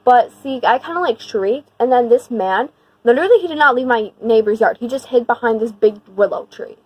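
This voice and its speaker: Young woman vlogger, fairly high voice, slangy and rambling, emphatic storyteller, dry close sound. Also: brisk, dry recording, rough recording. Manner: slangy, rambling, heavy use of "like"; animated and emphatic when retelling the scary part. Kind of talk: casual storytime.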